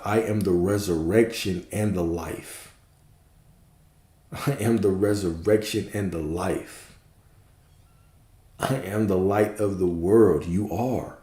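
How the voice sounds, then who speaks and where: Low mellow-voiced dude giving a spiritual talk, preachy and emphatic, echoey room. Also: male voice. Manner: preachy, emphatic, casually profane asides. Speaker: spiritual coach.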